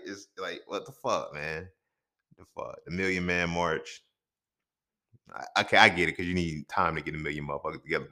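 A man's voice: low voice, fairly bright tone. A young man hosting a podcast alone, talking bluntly and profanely in a casual, conversational storytelling way. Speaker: podcast host. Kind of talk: casual solo commentary.

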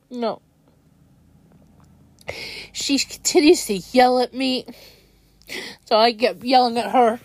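A young woman venting in an upset, halting way, often restarting her sentences. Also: fairly high pitch, animated, darkish tone, no echo. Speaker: vlogger. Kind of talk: venting monologue.

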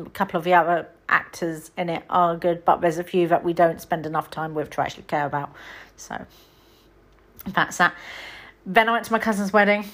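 A woman hosting a podcast, chatting casually and rambling through film reviews with lots of ums. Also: medium pitch. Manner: chatty, rambling, frequent ums and self-corrections. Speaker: podcast host.

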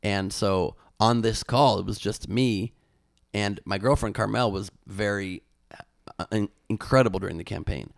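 A man's voice: fairly low pitch, moderate pace, creaky, no echo, clean studio sound. A young man, a comedian and former candidate, telling a story in a casual interview, with many restarts.

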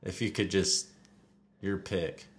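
Young male co-host, low voice, playful and curious. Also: steady tone, slow. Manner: joking, asks lots of questions. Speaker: podcast co-host. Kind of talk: casual sports podcast chat.

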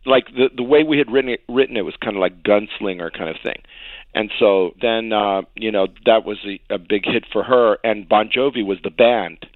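A man, a songwriter guest in an interview, telling stories in an animated way, acting out quotes and laughing often. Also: on the low side, normal speed, no room sound. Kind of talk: storytelling interview. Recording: tinny phone-like dry sound.

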